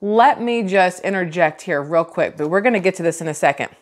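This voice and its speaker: A woman's voice: on the low side, expressive, fairly quick. A woman, giving casual vlog commentary in a chatty, sarcastic, rambling way full of restarts. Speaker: vlogger.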